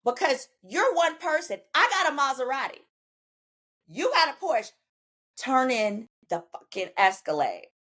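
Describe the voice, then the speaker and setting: A woman with a Southern US accent, a podcast guest telling a personal story in an animated, emphatic way, acting out the dialogue she quotes and cursing freely. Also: high-pitched, measured pace. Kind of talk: animated storytelling in casual chat.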